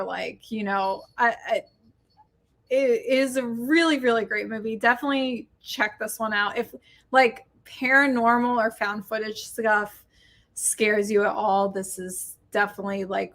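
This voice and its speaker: A woman co-hosts a relaxed podcast chat in a slightly raised pitch. Her voice is bright and forceful, and her chatty delivery is sprinkled with fillers. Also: unhurried. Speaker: podcast co-host. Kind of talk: casual chat.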